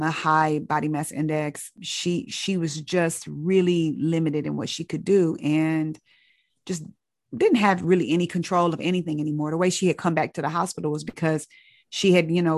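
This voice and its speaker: Low woman, earnest storyteller, dry close sound, physician recounting a patient. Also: dry recording. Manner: earnest, searching, with many restarts. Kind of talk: reflective storytelling.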